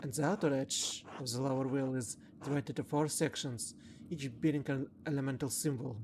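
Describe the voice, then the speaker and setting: A streamer playing a narrative game, reading its text aloud and thinking out loud in a halting, casual way. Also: medium pitch, fairly even intonation, noisy background.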